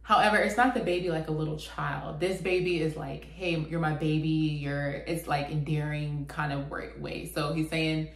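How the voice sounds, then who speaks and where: Female host, lowish voice, casual chatty explainer, roomy echo. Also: normal speed, vocal fry, hardly any pauses. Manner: chatty, relaxed, often says "like". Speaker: channel host. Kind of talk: casual explanatory talk to camera. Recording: echoey room.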